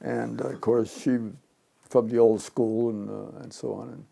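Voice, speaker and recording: Gravelly old man in his nineties. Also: medium pitch, a little slow. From Chicago. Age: 90s. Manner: rambling, animated, acts out quoted voices. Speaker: interviewee, retired pinball designer. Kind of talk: reminiscing storytelling.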